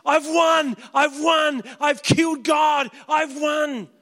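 A man voicing Satan, a gloating and clueless male devil who boasts loudly and then muses fast to himself. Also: very high-pitched, fairly even intonation, in a large hall, voice pushed up, heavily acted. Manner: boastful shouting, then fast idle musing.

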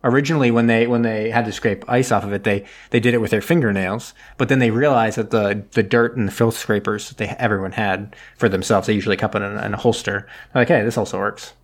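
A man's voice: lowish voice, steady tone, fast, hardly any pauses. A man in casual chat, rambling through a movie plot and acting out the characters' lines. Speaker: podcast co-host.

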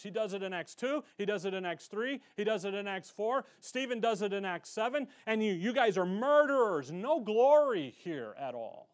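A man preaching a sermon as a pastor, fervent and colloquial, his voice swelling as he gets excited. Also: high-pitched, moderate pace, hardly any pauses. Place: church.

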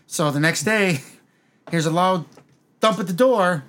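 Brief: man, high voice, animated profane storyteller, casual podcast chat. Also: unhurried, pauses often. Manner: animated, profane, acts out movie lines.

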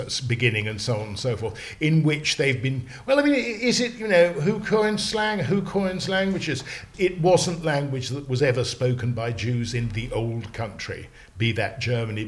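Rambling, animated English man. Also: mid-range voice. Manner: animated, digressive, many restarts. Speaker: slang lexicographer guest. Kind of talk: casual podcast discussion.

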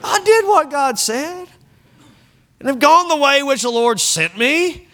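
A man's voice: very high voice, expressive, unhurried, sharp tone, voice pushed up, heavily acted. A man voicing a whiny, defensive king who insists he did what he was told. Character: whiny self-justifying male king.

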